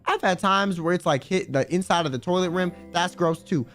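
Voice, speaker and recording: A man's voice: sits high, brisk, a bit bright. A man streaming live, chatting casually with his viewers in a rambling, crude, joking way. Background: faint background music.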